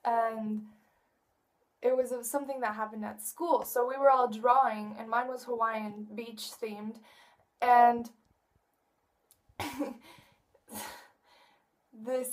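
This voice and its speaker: A woman's voice: on the high side, steady tone, takes it slowly, pauses often, recorded from a distance. A teenage girl giving a casual video message to a friend, chatty and rambling, often laughing as she talks. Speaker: vlogger addressing a friend.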